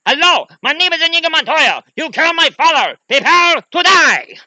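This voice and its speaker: A vengeful swordsman hurls his vow again and again, as a man acts him out, the voice climbing high and strained. It lands bright and cutting in a dry, close sound with no room around it. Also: sing-song, normal speed, dry recording, heavily acted. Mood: vengeful, shouting. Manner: repeats a vow, rising higher each time.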